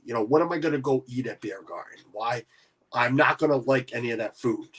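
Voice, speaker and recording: A man's voice: medium pitch, brisk, a bit bright, husky. A man hosting a casual livestream chat, rambling with many restarts. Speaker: livestream host.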